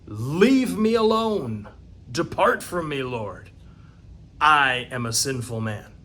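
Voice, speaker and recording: Guy doing peter the fisherman, impulsive, blurts stuff out loud, lively. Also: medium pitch, takes it slowly. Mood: humbled.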